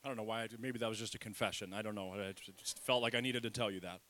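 A middle-aged man preaching a sermon in a church, lively and self-deprecating, leading the congregation in call-and-response. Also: on the low side, fast. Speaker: pastor. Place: church sanctuary.

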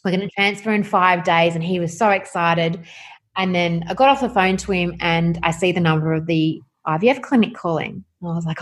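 A woman speaks as a guest, recounting her experience in a lively, candid way. She voices the people in her story as she goes, with a slightly low voice. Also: brisk. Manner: animated, acts out quoted dialogue.

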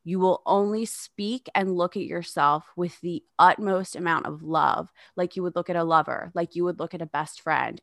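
Low, gravelly woman in her thirties. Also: a bit bright, no echo, clean studio sound. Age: 30s. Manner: frank, sarcastic, swears freely. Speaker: guest. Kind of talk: candid podcast conversation.

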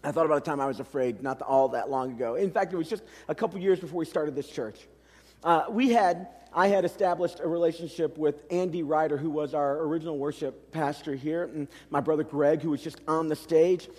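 A middle-aged man preaching a storytelling sermon, animated and self-deprecating as he talks to his congregation. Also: on the high side, fairly quick. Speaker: pastor. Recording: long hall reverb.

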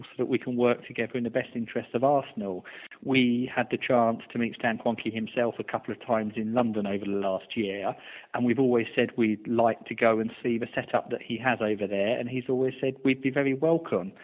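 A man guesting on an interview, answering in a measured and formal way. His voice sits at an ordinary pitch. It comes through a narrow, phone-like line. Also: fairly even intonation. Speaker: guest, supporters' trust representative.

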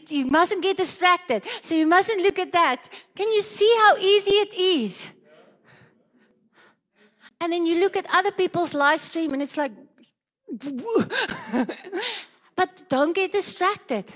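A woman preaching a charismatic sermon, building into loud rhythmic declarations and speaking in tongues, at times out of breath. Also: high voice, big-room sound.

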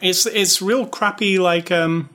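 A man's voice: sits high, fairly even intonation, takes it slowly, sharp tone. A man co-hosting a casual movie review chat, blunt and sarcastic, laughing often. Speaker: podcast co-host reviewing a movie.

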